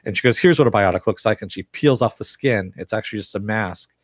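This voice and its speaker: A man's voice: lowish voice, quick pace, no room sound. A man giving a casual live recap and review of a TV episode, rambling with many fillers and chuckling now and then.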